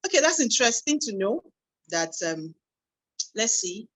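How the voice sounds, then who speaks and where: A woman with a Nigerian English accent hosts a live online meeting. She talks in a chatty, lively way and reads audience comments aloud as they arrive, heard through a computer mic on a video call. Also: on the high side, unhurried, rough recording. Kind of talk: hosting a live online webinar.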